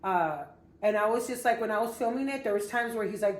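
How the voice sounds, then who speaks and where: Halting woman chatting in an echoey room. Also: mid-range voice. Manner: halting, restarts and repeats words. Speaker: co-host and camera operator. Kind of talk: casual podcast chat. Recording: roomy echo.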